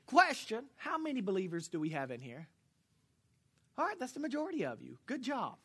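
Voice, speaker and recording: High-voiced, bright jokey male preacher. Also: big pitch swings, normal speed, slightly rough. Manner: jokey, chuckles at his own jokes; conversational, quizzes the congregation. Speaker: pastor. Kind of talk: sermon. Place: church service before a congregation.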